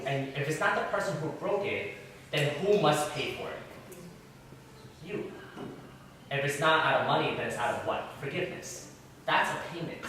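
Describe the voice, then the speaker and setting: A man's voice: a little high, a bit bright, slight background noise. A man leading an interactive Bible class in a church room, questioning his listeners in a chatty way. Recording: very echoey room, far from mic.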